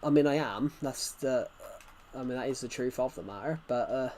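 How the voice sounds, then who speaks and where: A man's voice: mid-range voice, moderate pace, a little mellow, slight background noise. A man streaming gameplay live, rambling chattily and answering chat messages, his nose bothered by hay fever.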